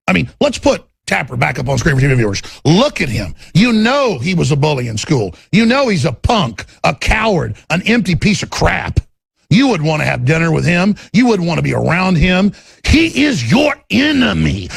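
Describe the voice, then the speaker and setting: A man's voice: high voice, gravelly, fairly bright tone, breathy edge, no echo. A man from Texas hosting a talk show, ranting in a fiery, rambling and repetitive monologue.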